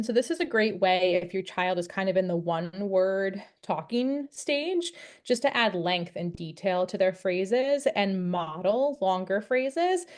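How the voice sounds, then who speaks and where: A young woman who teaches deaf students presents a parenting webinar, speaking in a friendly, encouraging manner and explaining things step by step. Her voice is mid-range and a little mellow.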